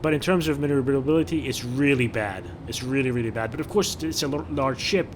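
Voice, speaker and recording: A man's voice: medium pitch, fast talker, noisy background. A man giving casual, chatty commentary over gameplay, often repeating words as he thinks aloud. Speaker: gaming video creator.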